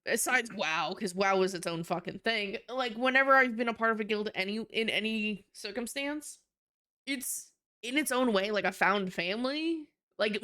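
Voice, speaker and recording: A woman's voice: medium pitch, sharp tone. A woman streamer chatting casually on a live stream, emotional and tearing up, talking in a gushing way. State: tearful.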